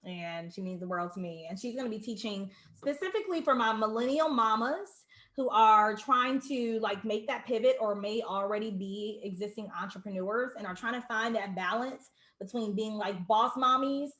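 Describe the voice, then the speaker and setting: A woman's voice: medium pitch, moderate pace, a bit bright, reverberant. A woman hosting an online launch party over a video call, effusive and emotional, greeting viewers by name.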